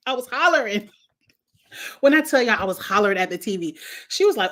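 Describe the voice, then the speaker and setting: A woman's voice: medium pitch, expressive, a little fast, pauses often, a bit bright. A woman, hosting a casual reality TV review, blunt and sassy, with frequent laughs and cursing. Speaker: host of a reality TV review show. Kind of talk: casual chat reading viewer comments.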